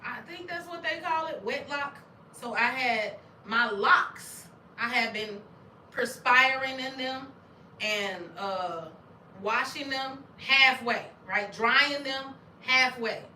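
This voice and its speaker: A middle-aged woman from Arkansas, hosting a casual chat, animated and laughing often with loud exclamations. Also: high voice, takes it slowly, a little hiss or hum. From Arkansas, USA. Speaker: channel host. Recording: roomy sound, distant from mic.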